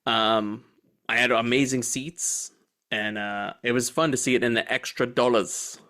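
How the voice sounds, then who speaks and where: Co-hosting a movie podcast, this young man chats casually, cusses without restraint, laughs a lot, and performs quotes in goofy voices. His mid-range voice has a sharp tone, fairly even intonation, and a slightly slow pace.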